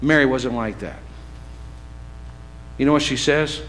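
A man preaching a sermon as pastor in his church, conversational, swinging from loud emphatic lines to hushed, low ones. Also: expressive, normal speed, pauses often, a little hiss or hum, rough recording.

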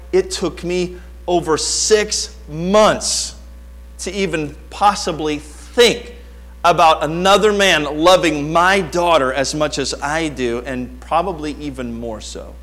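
A middle-aged man preaching a sermon, telling stories with animated swings from quiet asides to near-shouting. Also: fairly high pitch. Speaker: pastor.

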